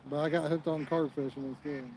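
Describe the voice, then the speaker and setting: Brief: talkative outdoorsy male host, slightly high voice, faint outdoor noise behind. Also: little pitch movement, quick pace, dark tone. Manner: chatty, joking, rambling. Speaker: fishing channel host. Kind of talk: casual live-stream chat. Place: outdoors at a fishing spot.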